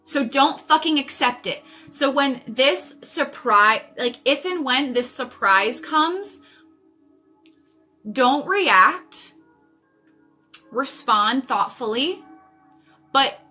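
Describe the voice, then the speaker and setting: A woman's voice: a little high, bright, forceful tone. Intense, emphatic woman in her thirties. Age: 30s. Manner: intense, emphatic, swears, repeats phrases. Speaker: psychic reader. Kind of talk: spiritual tarot reading monologue.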